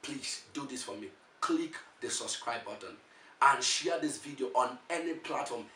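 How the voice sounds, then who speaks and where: A man with a Nigerian accent giving an animated motivational testimony as a preacher, often repeating words as he restarts. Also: medium pitch, moderate pace, a little hiss or hum. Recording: echoey room, voice from far off.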